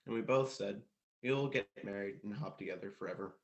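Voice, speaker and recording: A man reading a children's storybook aloud at a church service, plain and steady. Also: lowish voice, a little fast, creaky, highs cut off.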